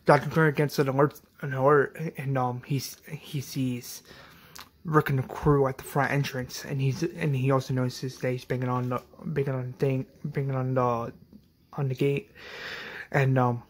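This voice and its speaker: A man recaps a fan-made episode in a loose, rambling way, leaning on ums and likes and restarting his sentences. His voice is somewhat husky, pitched in the middle. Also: flat delivery, normal speed. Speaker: channel host recapping a fan series.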